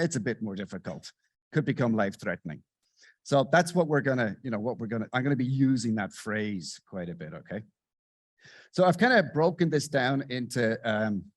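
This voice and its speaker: A middle-aged man giving a satirical keynote on a conference stage, sarcastic and animated, swinging between loud bursts and muttered asides. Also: mid-range voice, no room sound. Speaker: conference speaker. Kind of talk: satirical stand-up style keynote.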